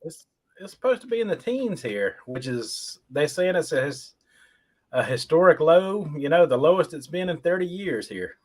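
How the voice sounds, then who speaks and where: A man's voice: fairly high pitch, big pitch swings, normal speed. A man in his forties, a livestream guest, talking easygoing and stammering on his starts. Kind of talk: casual conversation.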